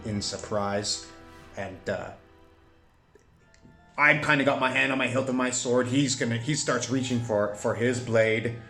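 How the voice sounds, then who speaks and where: A man narrating a solo tabletop game, thinking aloud with many pauses and fillers. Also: on the low side, a bit bright, echoey room.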